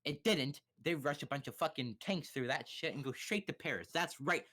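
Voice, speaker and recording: A man's voice: fairly high pitch, animated, normal speed, fairly bright tone. A young man streaming live, giving a crude, sarcastic and rambling rundown of history with many restarts. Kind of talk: profane comedic history rundown. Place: home streaming setup.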